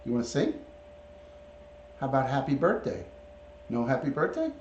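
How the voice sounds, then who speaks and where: Lively-voiced man coaxing a pet on stream. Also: mid-range voice, moderate pace, slight background noise. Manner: coaxing baby talk to a pet, greeting viewers by name. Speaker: livestream host. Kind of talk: casual livestream chat. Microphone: camera or device mic, not clipped on. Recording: roomy, dull lo-fi stream audio.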